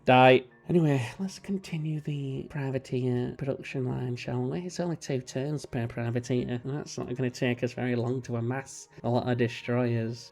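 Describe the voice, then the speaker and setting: A young man talks through his strategy game in a loose, self-mocking way, cracking jokes and sometimes slipping into daft high voices. His voice sits at an ordinary middle pitch, with faint game music playing underneath. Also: dark tone. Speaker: let's play host. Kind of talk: casual gameplay commentary.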